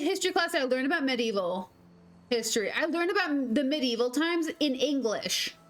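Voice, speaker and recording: A woman's voice: sits high, a bit bright. A young woman from Minnesota chatting casually and rambling while streaming a game. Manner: rambling, filler-heavy. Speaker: gaming streamer. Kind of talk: casual let's-play chat.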